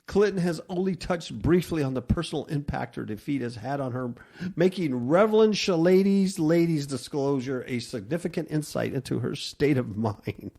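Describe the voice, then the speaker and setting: A man's voice: on the high side, a little mellow. A man hosting a talk radio show, reading news stories aloud and mocking them with sarcastic asides.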